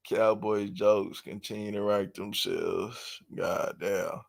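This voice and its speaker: A man's voice: lowish voice, creaky. A man doing casual, laughing sports chat on his channel, heavy with slang and cursing. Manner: animated, laughing, swearing, slangy. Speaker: sports YouTuber.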